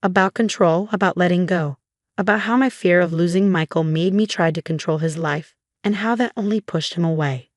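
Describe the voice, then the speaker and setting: A woman's voice: fairly low pitch, moderate pace, dry recording, studio quality, lightly acted. Woman reading as a remorseful older mother-in-law. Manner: soft, apologetic.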